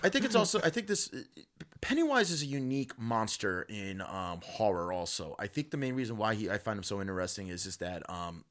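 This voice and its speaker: Fast-talking man chatting about movies. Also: lowish voice, big pitch swings, fairly bright tone. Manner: rambling, fast, lots of fillers. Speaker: podcast host. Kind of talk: casual movie discussion.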